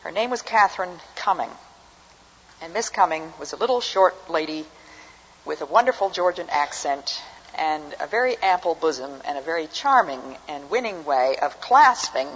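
Older woman telling stories, husky. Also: sits low, lively intonation, normal speed. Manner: dry, humorous anecdotal delivery. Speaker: speaker. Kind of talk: storytelling talk to an audience. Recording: muffled hall recording with long reverb.

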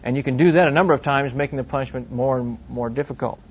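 A man's voice: mid-range voice, fast, husky. A middle-aged man giving an earnest, plain-spoken Christian teaching talk full of family stories. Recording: dull lo-fi recording.

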